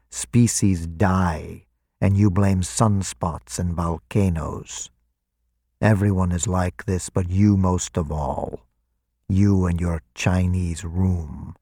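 A cold, calculating vampire commander speaks as a man puts him on, deep and unhurried, each line measured and clinical. The quiet menace sits in a dry, close voice with no room around it. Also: no echo, exaggerated voice.

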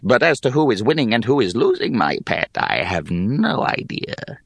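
A man's voice: medium pitch, sing-song, moderate pace, gravelly, no room sound, voice pushed up. A man voicing an ancient bald hag who gambles on everything, talking in a lazy, sly drawl.

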